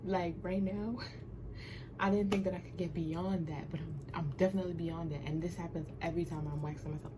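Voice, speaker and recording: A woman's voice: on the low side, steady tone, fairly quick. Young woman, casual home vlog, playful chatter, nervous giggles, noisy background. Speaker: vlogger. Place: small room at home under a ring light.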